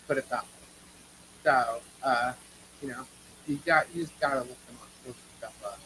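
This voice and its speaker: A woman's voice: a bass voice, normal speed, sharp tone, low-quality recording. Woman, New York accent, live co-host; blunt and opinionated, casual cursing, light background noise. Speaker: livestream co-host. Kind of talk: casual live chat reacting to viewers.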